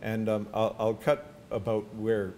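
At a podium mic in a university hall, an older male featured speaker at a symposium addresses the audience with a personal talk. Though his lowish voice is monotone and unhurried, his storytelling is warm and chatty, with anecdotal asides over a faint background rumble.

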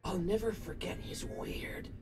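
An actor playing a silly, scatterbrained and childlike police officer in a video game. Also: male voice, high voice, fairly even intonation, a little slow. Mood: goofy. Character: goofy, clumsy male cop, childlike. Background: game music.

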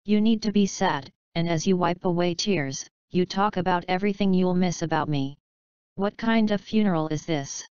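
A woman's voice: fairly low pitch, normal speed, clear, resonant tone, dry recording, highs cut off, lightly acted. A woman doing an indignant, sarcastic dead man. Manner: loud and snippy.

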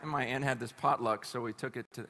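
A male pastor preaching at a conference, telling stories in an animated, conversational way with humor. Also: medium pitch, fast talker, noisy background. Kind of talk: conference sermon. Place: live conference hall.

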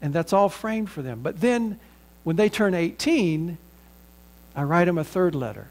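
A man's voice: a little high, lively intonation, unhurried, a little mellow. A middle-aged man with a Southern American accent, an earnest pastor preaching a sermon and leading a prayer.

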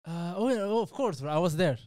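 A man's voice: high-pitched, animated, fast talker, darkish tone, no room sound, studio quality. A young adult man co-hosting a podcast, skeptical and teasing in casual chat.

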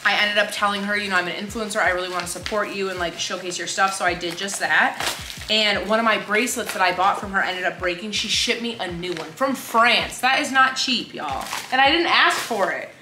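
A woman's voice: mid-range voice, brisk, noisy background. Gushing young woman unboxing, roomy sound. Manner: gushing, gasping, chatty. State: tired. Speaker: lifestyle influencer. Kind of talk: casual vlog unboxing chat. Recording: roomy sound with loud music behind. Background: background music.

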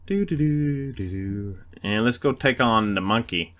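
A man's voice: medium pitch, expressive, a little slow, hardly any pauses, a bit bright. A man giving casual, laid-back commentary while playing a video game, thinking aloud. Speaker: let's play gamer.

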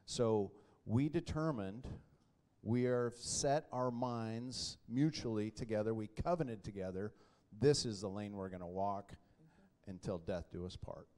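A middle-aged man preaching a sermon in an animated, joking way. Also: on the low side, a little slow. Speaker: pastor.

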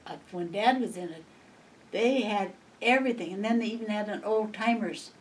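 A woman's voice: medium pitch, moderate pace. Rambling older woman telling stories. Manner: chatty and rambling, laughing often. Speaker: interviewee. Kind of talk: reminiscing storytelling. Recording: distant mic, faint background noise.

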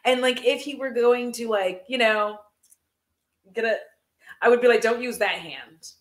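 A woman's voice: a little high, fairly even intonation, normal speed, reverberant. A young adult woman vlogging at home in a casual, gossipy chat, rambling with lots of fillers and frequent giggles. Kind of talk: casual chat while decluttering. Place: room at home.

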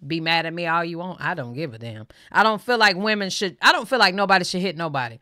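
Woman host, lowish bright voice, dry close sound, blunt reaction commentary. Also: expressive, fast, no echo. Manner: blunt, opinionated, frank.

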